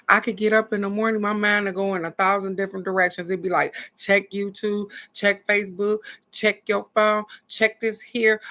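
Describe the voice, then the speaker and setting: A middle-aged woman giving a casual motivational talk, animated and earnest, moving between excited bursts and soft encouragement. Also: medium pitch. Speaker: spiritual card reader and vlog host.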